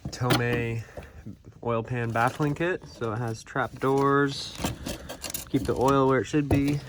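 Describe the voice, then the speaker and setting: A man's voice: medium pitch, fairly even intonation, takes it slowly, heavy background noise. A young man talking casually through a car build in a workshop, laid-back and chatty with car slang. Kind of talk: casual build vlog narration.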